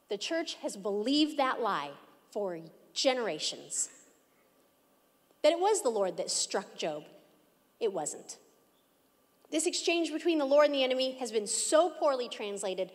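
A woman pastor preaching an emphatic, earnest sermon in a church hall. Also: high voice. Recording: echoey hall.

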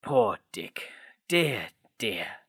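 A man voicing an old male miser who talks low and clipped in a storybook reading. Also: very animated, drawn-out words, fairly bright tone, breathy edge, no echo, clean studio sound, heavily acted. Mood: wistful.

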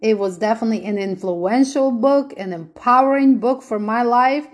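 A woman's voice: fairly high pitch, normal speed. A woman giving a podcast Bible teaching in an earnest way, repeating her points and asking rhetorical questions.

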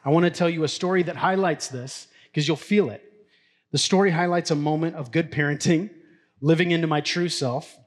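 A middle-aged man, a pastor, preaching a sermon in a casual, story-telling way and laughing now and then. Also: on the high side. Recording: long hall reverb.

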